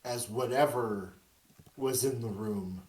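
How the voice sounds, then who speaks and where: A game master narrating a horror tabletop game in a slow, drawn-out, suspenseful way. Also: medium pitch, a little mellow, roomy sound, rough recording.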